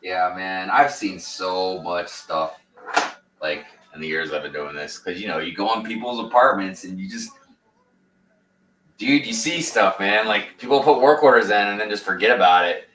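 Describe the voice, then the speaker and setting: A man's voice: low voice, normal speed, fairly bright tone. A man in a laid-back, easygoing casual chat, often calling the other man "man" or "dude". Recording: echoey room, distant mic, faint noise.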